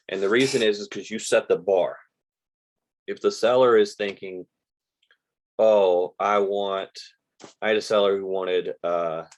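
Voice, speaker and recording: An older American man teaching real estate investing in a casual live stream, telling stories and quoting conversations with sellers. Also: deep voice. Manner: chatty storyteller, quoting conversations, says "like" a lot.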